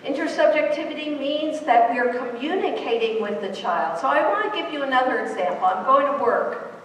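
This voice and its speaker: A woman's voice: on the high side, a little hiss or hum. A middle-aged woman from New York giving a conference keynote speech, engaging the audience with rhetorical questions. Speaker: keynote speaker. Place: large conference hall. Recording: echoey hall recorded from far off.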